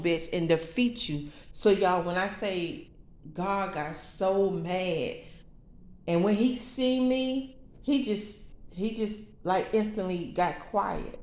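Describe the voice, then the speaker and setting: A woman talks straight to her viewers, telling a story with emphatic, profane energy. Her voice sits at an ordinary middle pitch. It rings around an echoey room. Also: a little mellow. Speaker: vlogger telling a spiritual vision.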